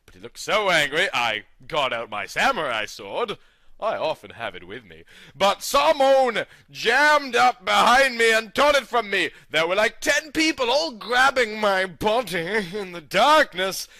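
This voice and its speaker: A man's voice: a little high, no echo. Man giving a mock-dramatic reading. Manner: over-the-top reading with sudden loud outbursts. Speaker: comedy reader. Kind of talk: mock-dramatic reading of bad fan fiction.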